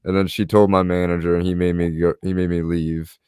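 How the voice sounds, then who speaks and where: Fairly quick and flat in delivery, this young podcast host has a low, darkish, clean voice. He recounts a personal story casually and performs what others said, recorded at studio quality with no echo.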